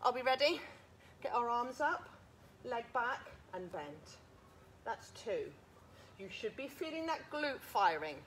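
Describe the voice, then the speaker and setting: A woman's voice: a little high, very animated, measured pace, long pauses, a bit bright, slight background noise. A woman leading a live workout class, counting reps, cueing moves and encouraging everyone while a bit out of breath. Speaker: fitness instructor. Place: outdoors.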